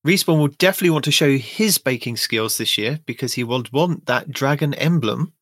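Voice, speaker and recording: A man's voice: mid-range voice, animated, brisk, a bit bright, no room sound, clean studio sound. A British man hosting a casual gaming podcast, reading out news with joking asides. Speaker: podcast host.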